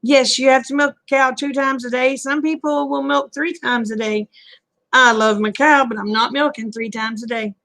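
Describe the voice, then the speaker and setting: A woman's voice: sits high, fairly even intonation, moderate pace, a bit bright. A middle-aged woman with a Southern US accent, chatting casually with viewers and answering their comments in a folksy way. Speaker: livestream host.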